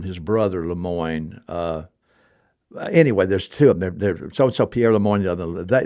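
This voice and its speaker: An older man in his seventies, hosting a podcast and telling stories in casual chat, animated, digressive and emphatic. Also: on the low side. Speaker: podcast host.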